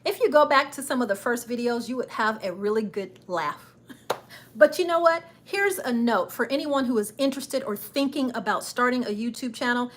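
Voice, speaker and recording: A woman's voice: on the high side, animated, brisk, fairly bright tone. A middle-aged woman chatting casually on a travel livestream, a little nervous and self-deprecating. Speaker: travel vlogger and travel agent.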